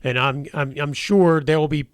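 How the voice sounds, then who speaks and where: A man's voice: a little high, steady tone, normal speed, clear, resonant tone, dry recording, studio quality. A man hosting a casual sports radio talk show, rambling with many restarts and hesitations.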